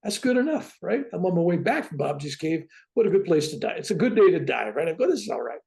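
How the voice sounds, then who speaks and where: A man in his seventies, a guest on a talk show, telling his own story in a lively way and often asking "right?". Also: on the high side, fast, vocal fry. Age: 70s. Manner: lively, keeps tagging "right?" onto his points. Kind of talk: animated personal storytelling.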